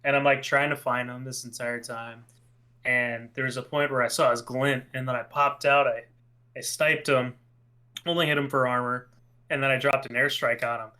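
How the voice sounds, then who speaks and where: A young man co-hosting a podcast, telling gaming stories in a lively, casual way and acting out the voices in them. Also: medium pitch, normal speed. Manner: animated storyteller, acts out voices in his anecdotes. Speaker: podcast co-host. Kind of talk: casual chat.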